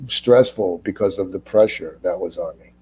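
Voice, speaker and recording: Guy from cleveland, mellow low-key tone, swears a lot, tells lively behind-the-scenes stories. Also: normal speed, breathy edge, low-quality recording. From Cleveland, USA. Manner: profane, animated anecdotes. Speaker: actor guest. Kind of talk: casual interview storytelling.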